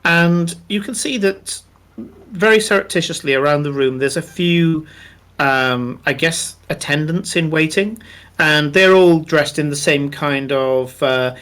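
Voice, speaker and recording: A man's voice: fairly high pitch, fairly bright tone. A man narrating a tabletop game as game master, describing scenes at length with many ums and uhs. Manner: descriptive, unhurried, many fillers.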